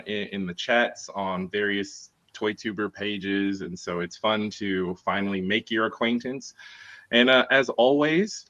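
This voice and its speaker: Low, bright-toned man on a dull stream line. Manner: friendly, easygoing, hesitant with fillers. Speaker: guest. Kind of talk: casual live-stream chat. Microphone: video call mic.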